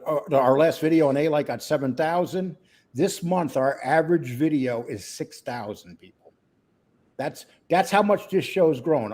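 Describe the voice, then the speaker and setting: Lively low-toned joking male co-host. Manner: crude, joking, rambling. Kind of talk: casual livestream chat.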